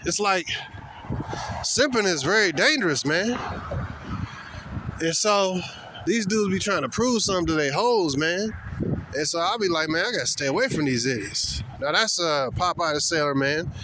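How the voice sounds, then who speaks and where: A man's voice: high voice, expressive, measured pace, long pauses, noisy background. Blunt, scornful ranting man. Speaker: commentary vlogger. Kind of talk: ranting commentary.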